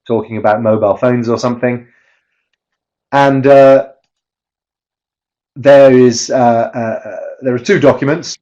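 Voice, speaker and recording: A man's voice: medium pitch, darkish tone. A man gives an online talk on teaching pronunciation and sounds like a video call. He stops often, restarts phrases, and fills gaps with "uh" and "um". The audio is a little muffled and dull. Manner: hesitant, many fillers and restarts. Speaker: webinar presenter on pronunciation teaching.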